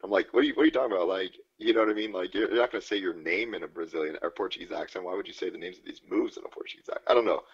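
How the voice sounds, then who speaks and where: Low husky-voiced man, casual podcast chat. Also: fairly even intonation, racing, few pauses, muffled recording. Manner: rambling, profane, laughs often. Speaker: podcast co-host.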